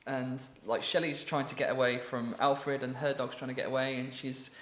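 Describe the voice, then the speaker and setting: A man's voice: medium pitch, little pitch movement, moderate pace, fairly bright tone, reverberant, a little hiss or hum. An Englishman co-hosting a podcast, improvising a story in a rambling way with many ums and laughs. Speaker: podcast co-host.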